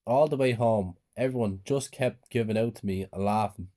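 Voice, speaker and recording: A man calmly narrating a scripted first-person horror story. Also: lowish voice, normal speed.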